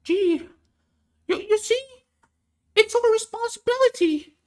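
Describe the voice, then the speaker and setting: A shrill, squeaky pundit parody. The voice is preachy and overblown, pitched far above a normal speaking voice and delivered with mocking exaggeration. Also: male voice, a little slow. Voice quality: squeaky falsetto. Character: shrill mock impression of a pundit.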